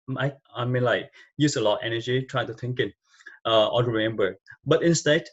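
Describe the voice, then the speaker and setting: A man's voice: medium pitch, dull audio. A man with a Vietnamese accent, a native Vietnamese speaker, giving speaking tips in loose, rambling casual talk full of fillers. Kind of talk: casual unscripted advice talk.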